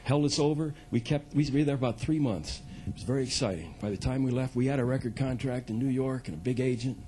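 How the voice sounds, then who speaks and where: A man's voice: mid-range voice, fast talker, dark tone, slight background noise. A man in his sixties, a folk singer telling loose, chatty stories from a club stage and chuckling at his own anecdotes. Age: 60s. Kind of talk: onstage storytelling monologue.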